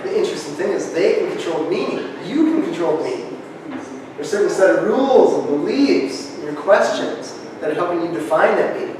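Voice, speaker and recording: A man giving a lively workshop talk to a live group, often checking in with "right?", recorded on a distant camera. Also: a little high, fairly quick, noisy background. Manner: energetic, keeps asking "right?". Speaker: presenter. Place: large echoey room. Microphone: camera far from speaker. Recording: echoey hall, distant camera.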